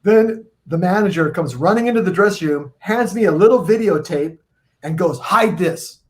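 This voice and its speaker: A man on a video call stream, telling tour stories in an animated, rambling, profane way. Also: high-pitched, normal speed. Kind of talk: casual storytelling on a live video stream.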